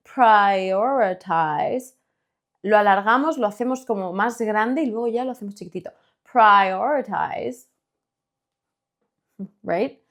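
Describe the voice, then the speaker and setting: A woman from Spain with a Spanish accent, teaching English pronunciation, stretching words out slowly to model them. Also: mid-range voice. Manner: slow drawn-out modeling of words, then quick explanations. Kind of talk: bilingual language lesson.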